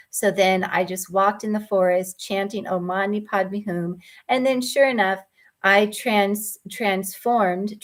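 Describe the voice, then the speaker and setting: Earnest woman coach telling a story. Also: mid-range voice. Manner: gentle and earnest, with many ums and restarts. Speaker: mindfulness coach. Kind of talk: personal storytelling.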